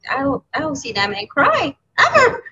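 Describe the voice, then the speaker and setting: Candid woman with a high voice, lo-fi. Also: huge pitch swings. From New York City. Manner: candid, halting, with soft laughs. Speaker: educator, interview guest. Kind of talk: emotional interview talk. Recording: dull lo-fi audio with clear background noise.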